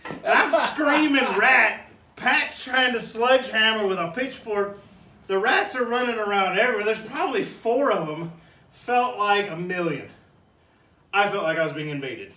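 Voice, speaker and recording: A man telling a funny personal story in a loose, animated way, bursting into shouts and laughter as he acts it out. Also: high-pitched, normal speed. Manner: animated, shouts and laughs while acting out the scene. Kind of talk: casual spoken anecdote. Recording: echoey room, distant mic.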